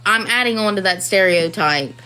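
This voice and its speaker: A woman's voice: medium pitch, moderate pace, bright, forceful tone, clean tone, soft background music, poor audio. A woman, a mother of four, talking candidly and ramblingly in a casual personal talk to camera. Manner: candid and rambling, many "you know"s.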